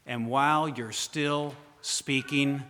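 A man preaching a sermon, speaking straight to his listeners with pointed questions and moving from loud emphasis to a hushed voice. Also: medium pitch, steady tone, slow, a little hiss or hum. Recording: long hall reverb.

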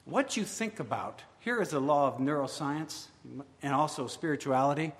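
Male preacher, slightly high voice, dramatic delivery, long hall echo. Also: animated, normal speed. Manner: dramatic, voices the worried psalmist in first person. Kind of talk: sermon.

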